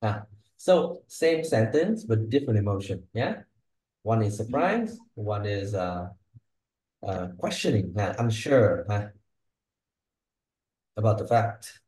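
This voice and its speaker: A man giving one-on-one pronunciation feedback as an English speaking tutor. His voice is mellow and dark, and he checks in constantly with short questions while he models words for the student. The recording has a roomy echo. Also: fairly low pitch, animated, takes it slowly, pauses often. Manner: coaching, models pronunciation, checks in with "yeah?" and "okay?". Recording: echoey room.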